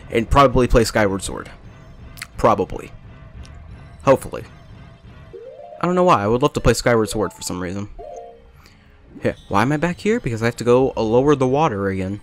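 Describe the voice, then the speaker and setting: A man's voice: medium pitch, animated, moderate pace, soft background music. Rambling young man's gameplay commentary. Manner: rambling, jokey, self-deprecating, jumps between topics. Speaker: let's play commentator. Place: small hot bedroom with a fan running.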